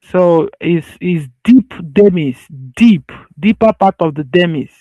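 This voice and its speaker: A man's voice: high-pitched, slow, warm tone, no room sound, highs cut off. A man teaching medicine over slides. He talks in a loose, conversational way and repeats his points so they stick. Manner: conversational, loose phrasing with restarts. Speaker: medical lecturer.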